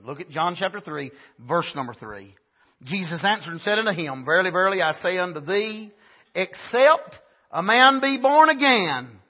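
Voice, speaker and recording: A man preaching a sermon at a camp meeting, punctuating with frequent "amen" and building up to shouts. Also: fairly high pitch, breathy edge, highs cut off.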